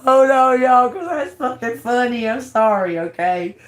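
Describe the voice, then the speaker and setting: A woman's voice: a little high, lively intonation, a little slow. A woman tarot reader chatting casually to her viewers, laughing through her words, cursing freely and calling them y'all.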